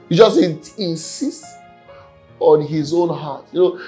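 A man's voice: a little high, unhurried, warm tone, faint music behind, poor audio. A man preaching a sermon earnestly, often repeating his words. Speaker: pastor. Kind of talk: sermon teaching.

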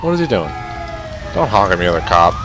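A young man giving let's play commentary, tired but excitable, swearing often over loud game audio. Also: sits low, fast. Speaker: gamer. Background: loud game sirens and traffic.

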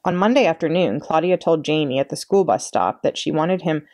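A woman librarian reading a children's chapter book aloud in an expressive storytelling way. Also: deep voice, fairly quick. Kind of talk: read-aloud storytime narration.

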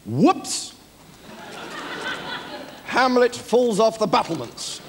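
An actor playing a temperamental, indignant playwright who talks in a huffy, exasperated way in a live comedy sketch. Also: male voice, sits high, sing-song, very slow, vocal fry, a bit bright, a little hiss or hum, exaggerated voice. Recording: live stage audio with hall reverb.

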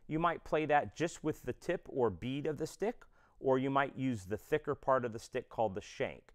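A man's voice: mid-range voice, moderate pace. A man teaching a drum lesson, explaining step by step and counting beats aloud. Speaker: drum instructor.

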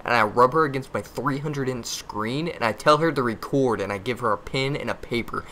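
A man's voice: mid-range voice, fairly quick, sharp tone, a little hiss or hum. A man giving casual gameplay commentary, muttering to himself, yelping and cursing when frustrated, with crude jokes. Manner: muttering, easily frustrated, yelps and curses at the game; crude joking.

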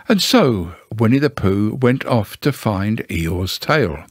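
Slow, gentle male storybook reader. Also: husky, no room sound, clean studio sound. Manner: gentle, unhurried storytelling with lively pitch. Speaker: narrator. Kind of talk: storybook reading aloud.

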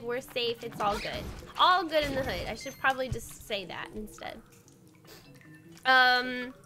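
A young woman streaming a game and chatting casually with her viewers, bubbly and giggly, with lots of "like" fillers. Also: sits high. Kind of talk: casual chat while livestreaming a game. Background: faint game music.

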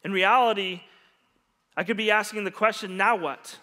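A middle-aged man preaching a sermon, telling a story earnestly with quiet pauses and soft, lowered endings. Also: steady tone. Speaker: pastor. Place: church hall. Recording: long reverb of a large hall.

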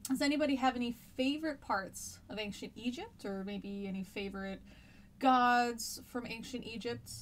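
A woman's voice: on the high side, moderate pace, a little hiss or hum. A woman, a history teacher chatting casually during a live-streamed lesson, rambling with many fillers and restarts.

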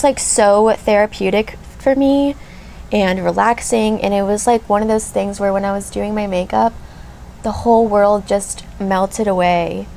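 A woman's voice: medium pitch, creaky, a little mellow, a little hiss or hum. A woman in her thirties chatting casually while doing her makeup, rambling and gushing with lots of fillers. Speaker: beauty vlogger. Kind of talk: chatty get-ready-with-me vlog.

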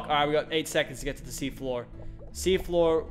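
A young man with an Australian accent giving excitable let's-play commentary, shouting and groaning at the game and talking to himself. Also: on the high side, fairly quick, faint music behind. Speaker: gaming channel host.

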